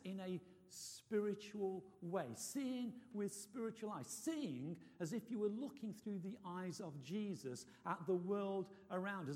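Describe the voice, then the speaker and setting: Guy preaching, chatty story full of restarts, high animated voice, hall echo. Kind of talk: sermon. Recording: long reverb of a hall.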